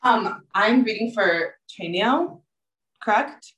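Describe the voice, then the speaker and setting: A woman's voice: fairly low pitch, a little slow, a bit bright, echoey room, rough recording. A woman with a New York accent, a guest reader in the group, enthusiastic and friendly. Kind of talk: casual talk.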